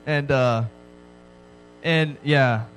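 A man's voice: medium pitch, very slow, faint music behind, rough recording. A man in his thirties preaching a sermon, joking and telling stories with frequent "right?" asides. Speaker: pastor. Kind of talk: sermon to a youth audience.

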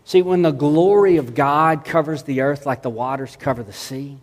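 A man's voice: on the high side, normal speed. A man preaching a sermon as pastor, earnest and emphatic, often restarting his words.

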